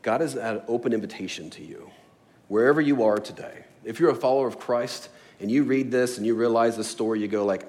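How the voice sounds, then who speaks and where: Man, pastor, sermon, conversational, emphatic builds, mid pitch. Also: a little fast, a little mellow. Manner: conversational, laughs often, rising to emphatic passages. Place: church sanctuary.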